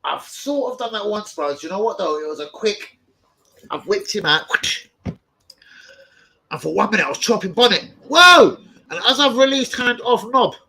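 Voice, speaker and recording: Heard in a low-quality recording, a young man speaks at a moderate pace in a high-pitched, creaky voice. Hosting a football fan channel, he tells rowdy stories in casual chat, swearing frequently and breaking into yelps and laughs.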